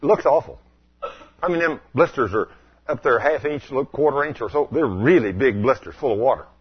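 Husky folksy preacher man, lo-fi. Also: medium pitch, lively intonation, a little fast. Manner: folksy, asks the congregation questions, rises to loud exclamations. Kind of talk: storytelling sermon.

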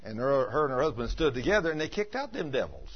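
A male pastor telling stories in an animated sermon, dropping to quiet asides and rising to loud emphatic peaks. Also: mid-range voice, quick pace, husky. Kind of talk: storytelling sermon. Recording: dull lo-fi sermon recording.

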